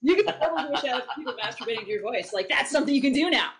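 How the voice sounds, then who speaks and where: A woman co-hosting a casual podcast chat, excitable and teasing. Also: high-pitched, very fast. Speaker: co-host.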